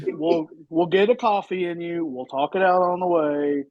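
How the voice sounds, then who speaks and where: A man's voice: on the high side, normal speed, few pauses, rough recording. A man, a guest wrestler, telling a story in casual chat and quoting his friends. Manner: relaxed storyteller, quotes friends.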